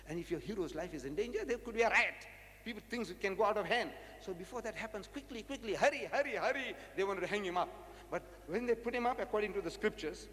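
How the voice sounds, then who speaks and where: A South African man delivers a public lecture with a lively, high-pitched voice that leaps up and down. He is animated and rhetorical, hammering points home through repetition. The sound carries a long reverb from the hall. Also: a little hiss or hum. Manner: animated, rhetorical, repeats phrases for emphasis.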